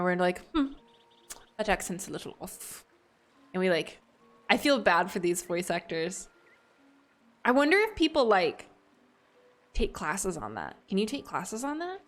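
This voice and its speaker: A chatty woman with a Southern American accent talks casually to her stream while she plays. Her pitch sits in the middle range, and she rambles and restarts her sentences as she reacts to chat. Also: big pitch swings, normal speed, a bit bright. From Southern United States.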